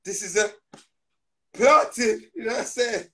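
Male guest, slightly raised pitch, joking and slangy, laughs a lot. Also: expressive, measured pace, pushed and bright, rough recording. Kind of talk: playful casual interview chat.

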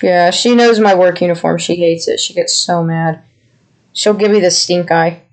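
Here a man co-hosts a podcast in relaxed conversation, rambling with affection. His voice sits high, with a steady tone and moderate pace.

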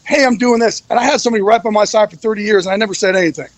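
A man's voice: sits high, rapid-fire, no room sound, low-quality recording. A man speaking as a podcast guest, candid and emotional, swearing freely. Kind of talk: casual podcast interview.

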